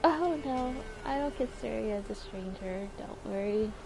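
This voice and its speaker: A woman game streamer chatting softly with viewers, giggly and hesitant. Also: on the high side, animated, normal speed, vocal fry, background noise. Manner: soft-spoken, giggly, hesitant. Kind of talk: casual chat.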